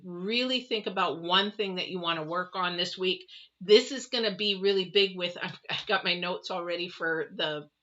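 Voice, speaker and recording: A woman's voice: fairly low pitch, sharp tone. A woman giving a casual spoken tarot reading, rambling through advice with many fillers. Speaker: tarot reader. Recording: dull lo-fi audio.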